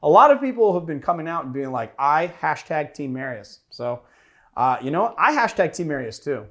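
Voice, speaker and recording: Animated man hosting a cocktail show. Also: fairly high pitch, a little fast. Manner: animated, playful teasing. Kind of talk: casual cocktail chat with banter.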